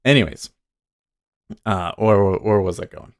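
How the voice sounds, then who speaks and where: A man's voice: lowish voice, unhurried. A man chatting casually on a live trading stream, rambling and chuckling often.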